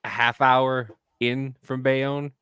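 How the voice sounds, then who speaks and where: A man's voice: mid-range voice, slow, clear, resonant tone, no echo, clean studio sound. A man from New Jersey, hosting a casual podcast chat, joking and swearing as he talks. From New Jersey, USA. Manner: animated, jokey, swears.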